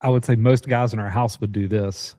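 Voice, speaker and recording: A man's voice: fairly low pitch, fairly even intonation, a little fast, mellow, no echo, clean studio sound. A man hosting a casual group chat, teasing the others and steering the talk. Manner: teasing, moderating. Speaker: host running the recording.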